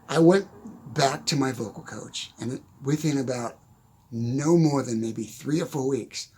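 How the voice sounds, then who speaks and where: A man in his sixties giving a casual motivational talk, telling stories in an animated way and chuckling often. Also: mid-range voice, breathy edge. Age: 60s. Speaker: motivational speaker.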